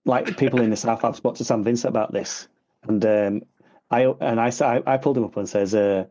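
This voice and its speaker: A man's voice: medium pitch, fairly even intonation, fairly quick, mellow, muffled recording. A man with a Yorkshire accent, a podcast guest chatting casually, often stumbling and repeating his words. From England. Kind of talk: casual chat.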